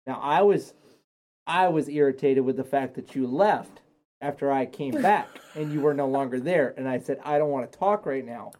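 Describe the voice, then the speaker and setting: A man telling a story on a casual home podcast, swearing constantly and getting animated as he goes. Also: mid-range voice, moderate pace, slight background noise. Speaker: streamer's partner. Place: home stream office.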